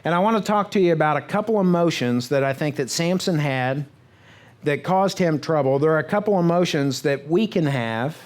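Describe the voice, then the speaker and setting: A pastor with a fairly high, slightly mellow voice preaches a sermon in a church sanctuary, telling it like a conversational story. He keeps checking in with the congregation, often tossing in "right?" asides, and briefly acts out the characters' words in quick bursts.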